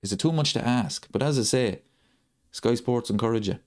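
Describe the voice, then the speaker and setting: A man hosts a football watchalong channel's live chat, ranting and restating his points for emphasis. He speaks in a mid-range, somewhat dark voice at a moderate pace.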